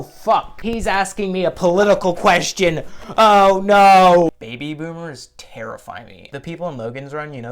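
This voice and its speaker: Young man, comedic storytime, rambling, cursing, mid-pitched voice. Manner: rambling, profane, jumps into loud exaggerated voices. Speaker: vlogger.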